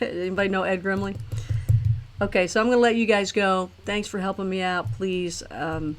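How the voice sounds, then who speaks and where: A woman's voice: on the low side, brisk. A woman hosting a live stream, talking casually and rambling chattily with her viewers. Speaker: host of a live talk stream.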